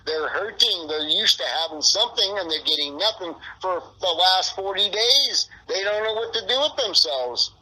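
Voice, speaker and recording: A man's voice: high voice, expressive, normal speed, hardly any pauses, bright, forceful tone, low-quality recording. A middle-aged man being interviewed, talking in a rambling, profane, frustrated way. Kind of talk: casual interview.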